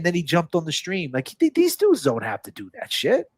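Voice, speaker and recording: A man's voice: high voice, wildly swooping pitch, brisk, dry recording. A man hosting a livestream in casual talk. He is emphatic and profane, preaching and repeating his phrases for force. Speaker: livestream host.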